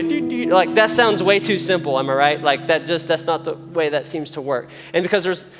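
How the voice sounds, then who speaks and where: Preacher guy talking earnest and casual, lingering echo, guitar in the background. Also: a little high. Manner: earnest, conversational preaching with rising emphasis. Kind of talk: sermon. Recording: long reverb, guitar music behind. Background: soft guitar music.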